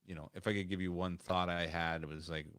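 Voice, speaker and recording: A man's voice: low voice, level tone, a little fast, fairly bright tone, smooth, no echo, studio quality. A man co-hosting a casual podcast over a remote call, talking in a rambling way with many restarts. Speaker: podcast co-host.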